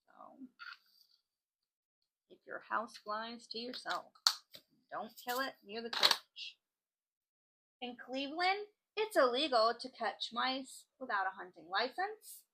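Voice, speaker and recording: Bright, chatty woman crafting host. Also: a little high, big pitch swings, takes it slowly, long pauses, rough recording. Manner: chatty, joking asides. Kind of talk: casual chat while crafting.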